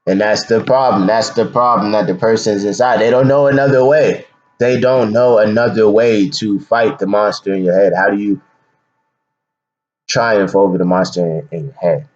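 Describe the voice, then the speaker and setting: A filmmaker explaining his film in a slow, rambling, slangy way full of fillers. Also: fairly low pitch, fairly even intonation, dull audio. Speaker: independent filmmaker.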